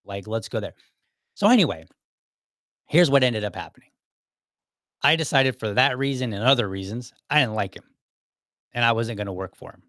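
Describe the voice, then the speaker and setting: A man's voice: mid-range voice, expressive, brisk, a bit bright, dry recording. A man with a mid-range voice hosts his podcast, recounting an old job story in loose conversational fashion. He acts out the back-and-forth dialogue and chuckles now and then. His voice is recorded close and dry, with no room around it. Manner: anecdotal, acts out quoted dialogue, chuckles often. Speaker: podcast host. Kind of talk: casual storytelling monologue.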